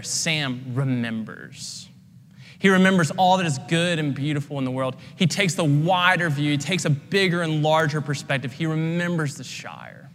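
Earnest young pastor with a bright voice. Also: male voice, on the high side, in a large hall, slight background noise. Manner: earnest, conversational, frequent "like" fillers. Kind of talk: sermon.

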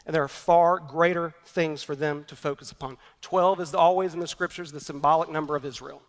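A man's voice: on the high side, steady tone, fairly quick. Earnest male pastor preaching in a reverberant hall. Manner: earnest, emphatic repetition. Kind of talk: sermon.

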